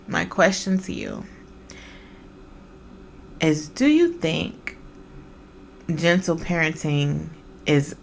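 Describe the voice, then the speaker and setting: A woman's voice: on the low side, gravelly, a little hiss or hum. A woman hosting a podcast, talking in a blunt, profane, casual monologue full of incredulous questions. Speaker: podcast host.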